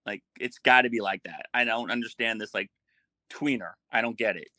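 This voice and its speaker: A man's voice: on the low side, brisk, sharp tone, no echo. A man who is a guest on a podcast, chatting casually and often sounding puzzled and questioning. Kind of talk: casual chat.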